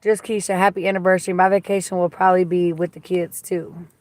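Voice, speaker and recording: A woman's voice: fairly low pitch, level tone, quick pace, a little mellow, dry recording. A woman hosting a casual livestream from a car on a phone, chatting bluntly, swearing freely and gossiping while she reads viewer comments. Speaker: livestream host. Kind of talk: casual live-stream chat reading comments. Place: inside a car.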